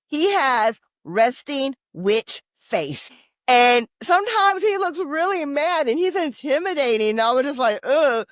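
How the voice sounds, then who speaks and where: Animated woman podcast co-host, dry sound. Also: fairly high pitch, dry recording. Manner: animated, opinionated, bursts of loudness. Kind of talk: casual podcast chat.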